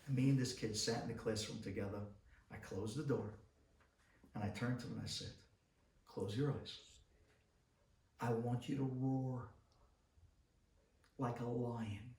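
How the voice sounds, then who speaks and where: A man, a rabbi, giving a storytelling sermon that acts out the voices in his story and climbs into shouting. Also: medium pitch, steady tone, measured pace, pauses often, slight background noise. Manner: dramatic storyteller who acts out dialogue and builds to shouting. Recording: roomy hall miked from a distance.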